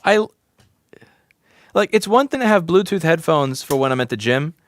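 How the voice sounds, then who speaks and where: A man hosting a casual repair livestream, ranting with swearing, swinging from loud outbursts to low mutters. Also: big pitch swings, a little fast. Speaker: livestream host, repair technician. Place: repair shop.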